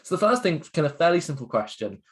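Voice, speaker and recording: A man's voice: a little high, sing-song, fast. Chatty upbeat man on a video call. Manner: chatty, upbeat, filler-heavy. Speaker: guest speaker, education co-founder. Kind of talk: interactive online talk.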